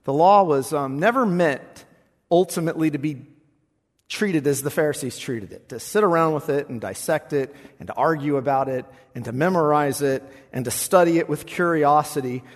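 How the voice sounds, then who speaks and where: A male pastor preaching a sermon, expressive, swinging between loud passages and hushed ones. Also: on the high side, moderate pace, long reverb tail.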